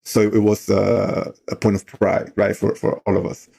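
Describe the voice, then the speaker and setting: A man's voice: fairly low pitch, monotone, moderate pace, gravelly, warm tone, husky. A middle-aged man on a talk show, earnestly telling a story with many "you know" fillers. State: emotional while telling the story. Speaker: guest on a talk show, outdoor program leader. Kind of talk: conversational storytelling.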